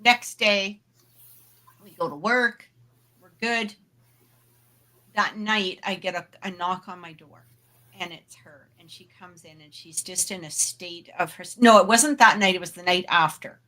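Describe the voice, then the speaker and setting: A woman's voice: mid-range voice, unhurried, sharp tone. A woman co-hosting a paranormal talk show, casually telling a personal story with lots of fillers and asides. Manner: chatty, full of fillers and asides; laughs readily while telling. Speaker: podcast co-host.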